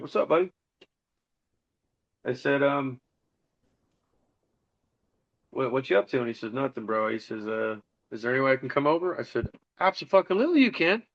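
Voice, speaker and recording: Profane rambling storyteller, bright voice. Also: male voice, mid-range voice, highs cut off. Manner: rambling, profane, acts out dialogue. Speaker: podcast guest, musician. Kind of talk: casual storytelling interview.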